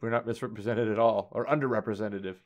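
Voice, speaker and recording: A man's voice: lowish voice, fairly even intonation, fast talker, a little mellow. A man co-hosting a comics podcast, trading dry, teasing banter in casual chat. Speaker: podcast co-host.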